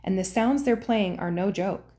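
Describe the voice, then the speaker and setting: A woman's voice: medium pitch, normal speed, warm tone. A woman hosting and narrating in an earnest, conspiratorial scripted style. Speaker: host and narrator.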